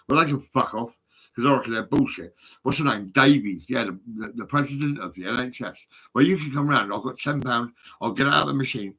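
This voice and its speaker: Husky, rambling, profane middle-aged Englishman. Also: medium pitch, pushed and bright. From England. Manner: rambling, profane, agitated, swings between mumbling and outbursts. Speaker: vlogger. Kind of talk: rambling monologue to camera. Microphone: phone.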